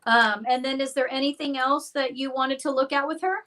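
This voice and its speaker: Psychic medium host, woman, higher-pitched, chatty and playful on a live stream. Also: steady tone, fairly quick, pushed and bright, rough recording. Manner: chatty, playful, self-deprecating.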